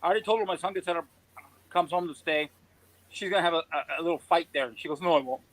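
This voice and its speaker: A man's voice: a little high, quick pace, fairly bright tone, no echo, low-quality recording. A man from California chatting as a guest on a video call, telling stories in an easygoing, repetitive way. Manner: storytelling, easygoing, repeats words. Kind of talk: casual chat.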